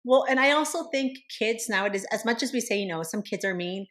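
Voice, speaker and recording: A woman's voice: fairly high pitch, expressive, fairly quick, a bit bright. A woman co-hosting a podcast, talking casually and dropping in Spanish phrases. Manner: conversational, mixes in Spanish phrases. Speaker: podcast co-host. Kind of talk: casual chat.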